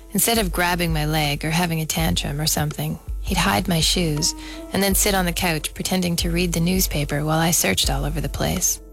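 A woman in her thirties reads her own essay aloud, measured and wry. Her voice sits a little low, and faint music plays behind her. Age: 30s. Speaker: mother reading her own story. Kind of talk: reading a personal essay.

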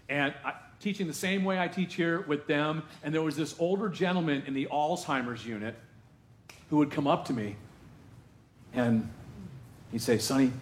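A male pastor preaching a sermon to his congregation in a lively, conversational way, with asides to the room. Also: mid-range voice, echoey room, slight background noise. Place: church sanctuary.

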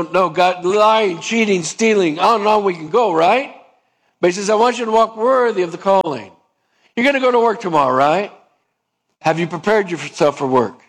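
A man preaching a sermon, asking his listeners questions and dropping low and soft on key points. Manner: acts out both sides of dialogues, rising pitch for the stubborn voice. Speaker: pastor.

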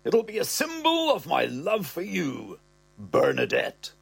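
A man voicing a nervous, pompous old man in a comic story reading, with a high, strained put-on voice. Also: wildly swooping pitch, a little slow, gravelly, slightly rough, dry recording, full character voice. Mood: pleading, gushing. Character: anxious old man, pleading then pompous.

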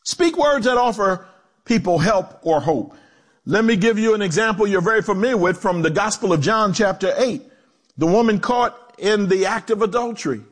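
A male pastor preaching a sermon, animated, acting out quotes in low voices and joking with the congregation. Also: normal speed, husky. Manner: animated preaching with swooping pitch and dramatic drops.

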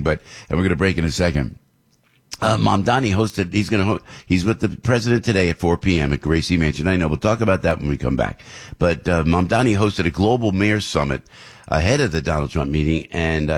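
A man hosting a morning radio talk show, rambling and heated, his voice jumping higher whenever he gets worked up. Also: breathy edge. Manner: rambling and heated, voice leaps up when outraged.

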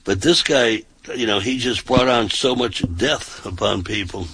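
A man's voice: fairly low pitch, measured pace, fairly bright tone, slightly rough, rough recording. A man hosting a casual talk show, talking emphatically and often repeating himself and restarting his sentences.

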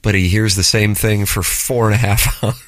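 A man hosting a sports radio show, telling relaxed stories in casual banter. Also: fairly low pitch, moderate pace, slight background noise.

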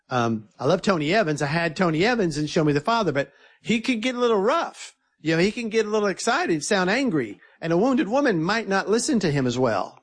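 A filmmaker being interviewed, telling an earnest, animated story and quoting others in his own voice. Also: high voice, fairly quick, breathy edge.

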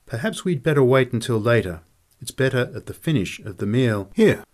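A man voicing a calm, courteous camp cook who speaks in a polite, measured way. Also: mid-range voice, lightly acted.

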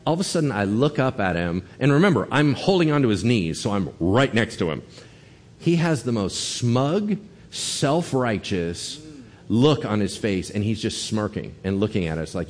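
A man's voice: fairly low pitch, normal speed, big-room sound, a little hiss or hum. A man preaching a sermon as pastor, telling stories animatedly and acting out the lines people said. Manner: animated storytelling, acting out quotes.

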